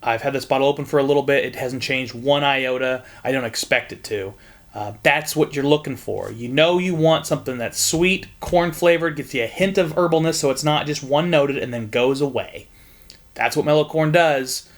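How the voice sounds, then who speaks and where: A man's voice: medium pitch, a bit bright. Frank man reviewing whiskey. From Southern Indiana. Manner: frank, joking, profane. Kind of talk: casual tasting review.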